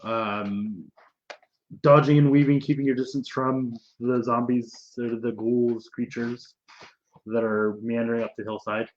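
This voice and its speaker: A man's voice: medium pitch, level tone, unhurried, dull audio. A man running a tabletop game as game master, narrating loosely with swearing and restarts.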